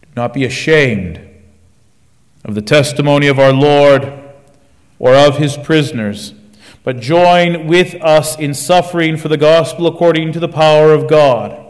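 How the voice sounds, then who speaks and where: A man preaches a sermon in a declaiming manner, building his points through rhetorical questions. His voice is on the high side and a little slow, and long church reverb fills the recording.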